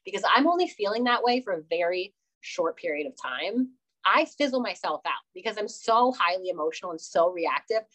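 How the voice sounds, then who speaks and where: Animated young woman, casual interview guest. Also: mid-range voice, fairly quick, low-quality recording. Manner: animated, laughs often, acts out quoted exchanges.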